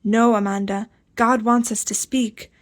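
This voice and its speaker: A woman's voice: a little high, steady tone, measured pace, close to an everyday voice. A woman voicing a young woman in an audiobook, fervent and exalted in her anguish. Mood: urgent. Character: young woman in agonized religious fervor.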